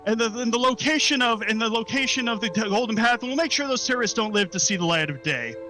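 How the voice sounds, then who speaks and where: A man's voice: very high-pitched, lively intonation, quick pace, over music, pitched above the performer's own voice. A man voicing a sneering, hostile male minotaur official in a tabletop game. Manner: sneering, aggressive.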